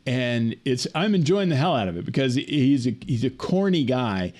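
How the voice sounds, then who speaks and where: Animated man telling a funny story. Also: mid-range voice, moderate pace. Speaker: podcast co-host. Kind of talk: casual chat, storytelling. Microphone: remote call.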